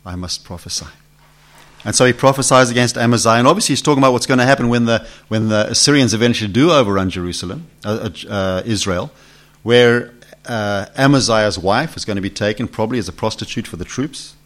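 A man's voice: mid-range voice, fast talker, a bit bright. A man teaching a Bible study to a gathered group, conversational, asking questions and acting out the voices in the text. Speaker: preacher. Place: meeting room with a live group.

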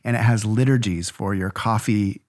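Earnest low-voiced man telling stories. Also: normal speed, darkish tone. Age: 40s. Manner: earnest, storytelling, lists phrases in rhythm. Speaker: podcast co-host. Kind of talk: reflective faith conversation.

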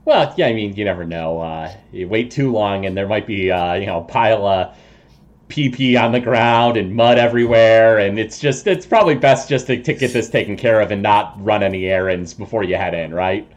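A man narrating as game master of a tabletop game, unhurried with many fillers. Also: on the low side, muffled recording.

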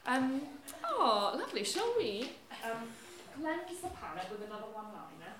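A woman's voice: fairly high pitch, sing-song, normal speed. A woman hosting a live storytelling event, chatty, playful and self-deprecating. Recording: echoey room with audience and background noise.

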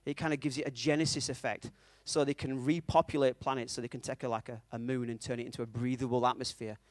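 Chatty preacher, dry sound. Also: male voice, mid-range voice, little pitch movement, quick pace, dry recording. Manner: chatty, checks in often with the audience, self-mocking. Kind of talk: conversational sermon with storytelling.

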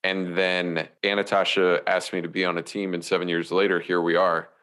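Dry, teasing male co-host, low voice. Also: little pitch movement, moderate pace, fairly bright tone, clear, resonant tone. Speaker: podcast co-host. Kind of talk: casual interview chat.

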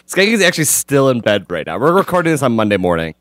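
A man hosting a casual podcast, playful and teasing with quick asides. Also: mid-range voice, sing-song, a bit bright, no room sound, studio quality. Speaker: podcast host. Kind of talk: casual chat.

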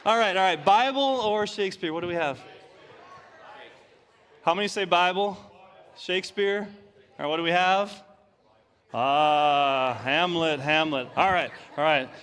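A male pastor preaching to his congregation, playful and energetic as he runs a quiz with volunteers. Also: high-pitched, a little slow, pauses often, clean tone. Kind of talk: sermon with audience game.

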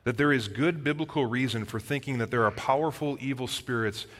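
A man's voice: mid-range voice, a little fast, a bit bright. A man preaching a sermon, earnestly explaining scripture and asking his listeners direct questions. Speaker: pastor. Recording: long hall reverb.

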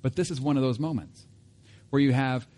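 A man's voice: medium pitch, fairly quick, dark tone. A man preaching a sermon in a casual, conversational way, with asides and self-corrections. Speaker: pastor.

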